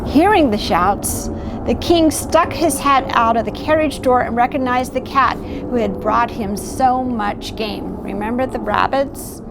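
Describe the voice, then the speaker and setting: Against a noisy background, a middle-aged woman with a higher voice reads a picture book in an unhurried way. As a volunteer storyteller, she stops to point out illustrations and chat warmly about the tale.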